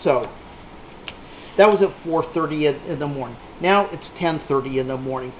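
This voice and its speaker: A man's voice: fairly high pitch, moderate pace, a little hiss or hum. Salty storytelling man, tinny echoey sound. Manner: rambling, salty, punchline-driven storytelling. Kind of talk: casual anecdote told to a small group. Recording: echoey room on a tinny lo-fi line.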